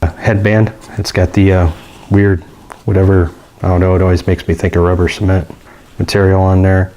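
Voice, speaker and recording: A man's voice: low-pitched, flat delivery, normal speed, warm tone. A man giving a casual, rambling product review with many fillers and restarts. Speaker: gear reviewer.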